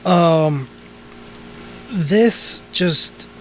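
Man, fairly high voice, casual podcast movie chat, rambling, filler-heavy. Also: expressive, extremely slow, slight background noise. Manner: rambling, full of fillers and restarts.

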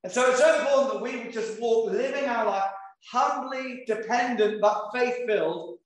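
A man preaching a sermon, reading scripture slowly and deliberately between conversational asides. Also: very high-pitched. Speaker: pastor. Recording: very echoey room.

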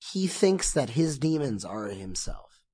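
A man talking as a podcast guest in casual chat, impassioned and excitable, swearing often. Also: medium pitch, unhurried, slightly rough, no echo.

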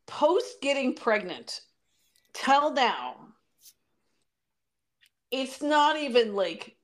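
A woman in her forties telling family stories in a casual podcast chat, animated and warm-humored. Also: high-pitched, drawn-out words, pauses often. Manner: storytelling, animated. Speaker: podcast co-host.

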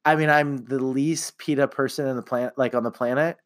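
Picture a middle-aged man in easy, rambling conversation, lively and loose, dropping swear words as he talks. He laughs a lot, and his pitch sits in an ordinary middle range. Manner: animated, swearing, quick to laugh. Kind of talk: casual chat.

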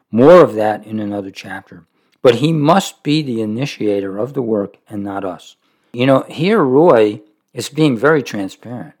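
A man reads a devotional book aloud in an earnest, reflective way. He pauses often and breaks off to give his own heartfelt comments before going back to the text. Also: mid-range voice.

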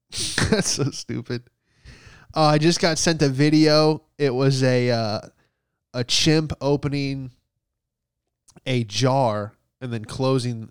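A man's voice: medium pitch, clean tone, no echo, studio quality. A man telling a sarcastic comedic story, exasperated and swearing casually.

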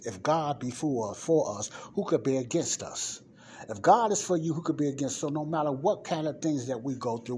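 A man delivers a Bible teaching at a middle pitch, reading verses aloud and then breaking them down. He keeps checking in with his listeners as he explains. A faint hiss sits under the recording. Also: a little mellow.

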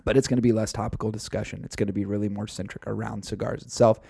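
A man's voice: on the low side, little pitch movement, fast, creaky, breathy edge, no echo, clean studio sound. A man co-hosting a casual podcast, talking at length and laying out the show's plans. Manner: talkative, plans the show out loud. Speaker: podcast co-host.

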